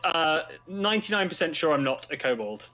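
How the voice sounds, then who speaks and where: A man's voice: a little high, lively intonation, brisk, bright, forceful tone. A man playing a tabletop game in a playful, mock-posh way. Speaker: player.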